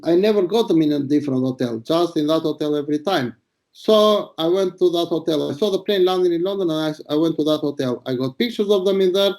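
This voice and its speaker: Blunt, crude, high-voiced man from Albania. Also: quick pace, a little mellow. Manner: blunt, crude, boastful, rambling. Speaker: retired paparazzo. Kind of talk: casual interview storytelling.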